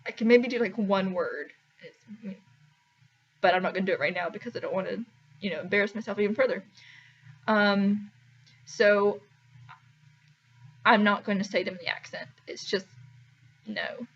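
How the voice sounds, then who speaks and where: A woman's voice: medium pitch, moderate pace, long pauses, fairly bright tone, highs cut off, a little hiss or hum. A young woman vlogging to camera in a chatty, wry, self-deprecating way, full of "like"s. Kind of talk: casual talking-to-camera vlog.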